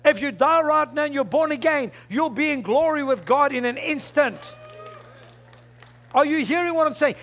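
A male pastor preaching a fervent sermon, often rising into shouts. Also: very high-pitched, expressive, moderate pace.

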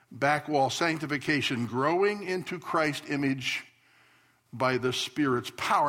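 Man, pastor, emphatic church sermon, slightly high register. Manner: emphatic, swings between loud declarations and soft asides. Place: church sanctuary.

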